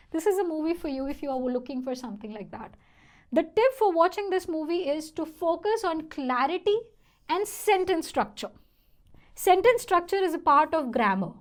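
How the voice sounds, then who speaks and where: Chatty high-voiced woman teaching English. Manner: chatty, asks "okay?" often, apologizes for slips. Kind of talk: online English lesson.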